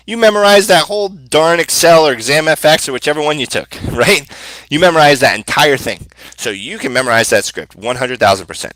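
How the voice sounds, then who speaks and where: Man, sales coach, live q&a, casual energetic talk, forceful bright tone, dry close sound. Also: mid-range voice, no echo, low-quality recording. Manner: energetic, informal, lots of fillers and restarts.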